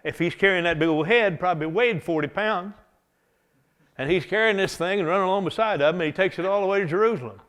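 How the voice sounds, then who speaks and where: Male preacher, revival sermon, folksy animated storytelling, chuckles, fairly high voice. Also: fast.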